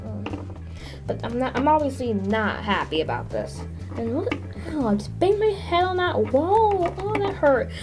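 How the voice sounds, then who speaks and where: A young vampire princess, defiant and indignant, speaks in a high, lively voice that leaps around as she exclaims, voiced by a woman. The toy figure drama plays over background music. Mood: annoyed.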